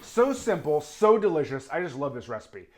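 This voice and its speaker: A man's voice: on the high side, sing-song, moderate pace. A man hosting a casual cooking demonstration, talking eagerly while he cooks and tastes the food. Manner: enthusiastic, talks while tasting and cooking. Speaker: cooking show host.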